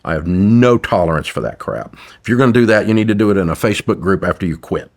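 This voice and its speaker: A low-voiced older man speaks quickly and with animation. He's a business owner guesting on a podcast interview, blunt and emphatic, repeating his points in a preachy, sermon-like way.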